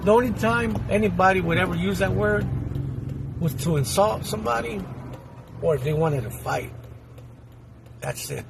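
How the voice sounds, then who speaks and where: High-voiced man over traffic noise. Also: normal speed, vocal fry, long pauses. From Houston, Texas. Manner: rambling, blunt, streetwise, repeats himself. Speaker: YouTuber reacting to a clip. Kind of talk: casual spoken commentary.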